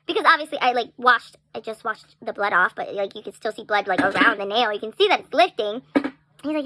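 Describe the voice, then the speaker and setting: A young woman telling a story in a casual vlog, chatty and animated, full of "like" and little laughs. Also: on the high side, fairly quick, noisy background.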